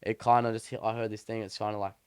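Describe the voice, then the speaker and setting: A man's voice: lowish voice, level tone, fast talker, a little mellow, smooth, no echo, studio quality. A young man co-hosting a podcast, chatting casually and telling a story in a rambling, slangy way with many restarts. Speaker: podcast co-host. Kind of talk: casual chat.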